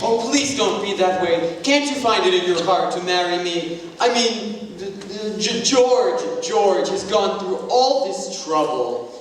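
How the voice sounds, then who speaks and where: A teen actor as a pleading, flustered young groom at a middling pitch, earnest throughout. The voice is far off in a big echoey school hall with a long reverb. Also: lively intonation, a little slow, slight background noise, lightly acted. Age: teens. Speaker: student actor. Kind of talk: stage musical acting. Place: school auditorium stage. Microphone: far room mic.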